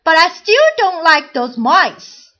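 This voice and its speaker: Lady doing a fussy old-fashioned shopkeeper guy in a storybook, high voice, slow. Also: big pitch swings, sharp tone, highs cut off, heavily acted. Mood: worried.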